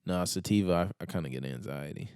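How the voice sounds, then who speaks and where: A man's voice: deep voice, quick pace, darkish tone, clear, resonant tone, no echo, studio quality. A young man chatting casually on a podcast, laid-back and slangy, rambling with lots of fillers. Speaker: podcast guest.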